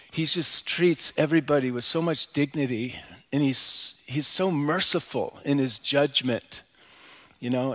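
A man's voice: mid-range voice, fairly bright tone. A middle-aged man preaching a sermon as a pastor, in a conversational, personal way with frequent "you know" asides. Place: church sanctuary.

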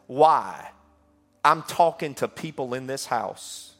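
A man's voice: mid-range voice, expressive, slow pace, fairly bright tone, faint music behind. A middle-aged man, a pastor preaching a passionate call-and-response sermon in a church. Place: church sanctuary.

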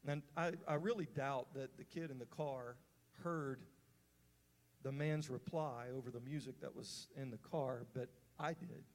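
A man's voice: mid-range voice, fairly even intonation, measured pace. Man preaching in a reverberant hall. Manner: conversational, earnest, fillers and restarts. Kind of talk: sermon storytelling.

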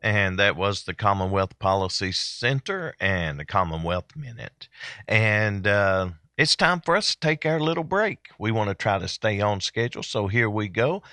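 A man hosting a daily broadcast, talking in a relaxed, chatty way with many fillers. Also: on the low side, normal speed, no echo, clean studio sound. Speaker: host. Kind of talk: casual daily broadcast talk.

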